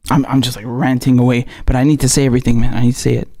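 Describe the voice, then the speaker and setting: This political show host has a mid-range, dark voice with little pitch movement. His rant comes fast and furious, packed with curses and heated passion.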